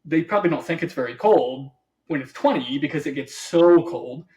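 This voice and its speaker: A man co-hosting a podcast in casual chat, animated, acting out what other people say and laughing often. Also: on the high side, moderate pace. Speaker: podcast co-host.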